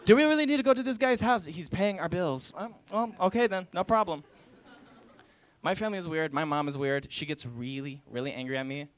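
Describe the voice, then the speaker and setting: A man's voice: sits high, fairly bright tone. A man in his twenties performing a college stand-up set, telling stories and acting out family members and strangers. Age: 20s. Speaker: stand-up comedian. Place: college stage before a laughing audience.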